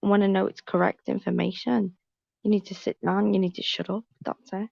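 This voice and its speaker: A woman's voice: mid-range voice, flat delivery, fairly quick, creaky, darkish tone, dry recording. A woman chatting on a live stream panel, blunt and emphatic, repeating points for weight. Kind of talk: casual chat, storytelling. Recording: dull lo-fi stream audio.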